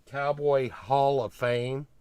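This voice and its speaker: An older man, rambling in casual chat as a podcast host, grumbling and getting loud when he rants. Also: medium pitch, steady tone, slow, clean tone, dry recording.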